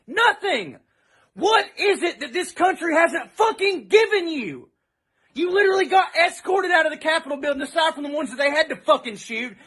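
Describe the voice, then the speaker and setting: Furious high-voiced man ranting. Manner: profane, shouting, sarcastic. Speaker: podcast host. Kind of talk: angry political rant.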